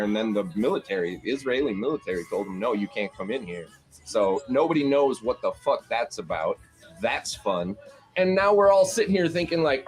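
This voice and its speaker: A man hosting a livestream panel, ranting in a sarcastic, profane way and mocking others with quoted voices. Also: mid-range voice. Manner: sarcastic, swears constantly, mocks with put-on quotes. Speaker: panel host. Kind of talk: profane political rant on a livestream.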